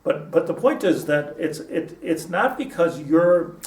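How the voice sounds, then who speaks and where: A man's voice: on the high side, expressive, a little slow, darkish tone. A man teaching a casual Torah class, rambling with many restarts and mixing in Hebrew terms. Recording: echoey room, mic at a distance, faint hum.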